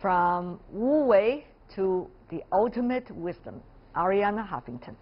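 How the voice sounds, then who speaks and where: A woman with a soft, breathy voice hosts a television interview program. She asks her questions and delivers the sign-off in a poised, formal way. The audio is a little dull. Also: mid-range voice, lively intonation, a little slow, faint music behind. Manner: poised, formal, non-native phrasing.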